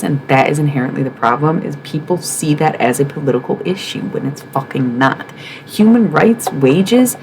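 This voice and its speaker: A woman's voice: deep voice, darkish tone, slight background noise, rough recording. A woman from the Midwest hosting a livestream, talking frankly and emphatically in a casual monologue, swearing and asking rhetorical questions. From American Midwest. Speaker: livestream host.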